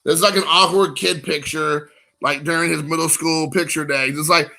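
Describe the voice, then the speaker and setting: A man's voice: a little high, fairly even intonation, normal speed, creaky, bright, forceful tone. A man in his forties hosting a casual card-collecting stream, joking and rambling at his chat viewers. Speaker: card-collecting show host.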